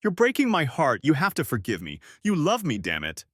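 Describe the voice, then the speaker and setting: A man's voice: fairly high pitch, huge pitch swings, brisk, dry recording, clean studio sound, voice pushed up. A man voicing a heartbroken young wife who whines and begs, in a storybook reading. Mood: whining. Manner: whining, begging, tearful.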